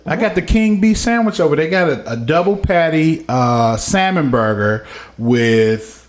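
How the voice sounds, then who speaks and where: Animated man in an echoey room. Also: a little high, moderate pace. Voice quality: animated storyteller, slips into imitated voices. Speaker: podcast co-host. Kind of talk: casual chat.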